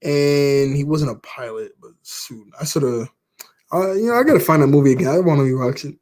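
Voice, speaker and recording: A man's voice: on the high side, fairly quick, darkish tone. A young man chatting casually about movies, meandering, with lots of fillers and frequent laughs. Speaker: YouTuber. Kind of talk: casual rambling commentary.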